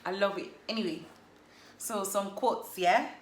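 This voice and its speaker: A woman giving a casual, chatty book review, playful and quick to laugh at herself. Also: mid-range voice. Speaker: book vlogger. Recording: roomy echo.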